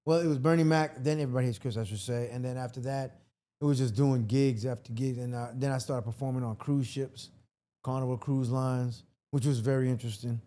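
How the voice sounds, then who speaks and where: A man's voice: mid-range voice, fairly even intonation, warm tone. A man from Washington, D.C., a comedian and actor, chatting loosely as a podcast guest and swearing freely as he tells stories. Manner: loose, profane storytelling with quick acted-out asides. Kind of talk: casual podcast chat.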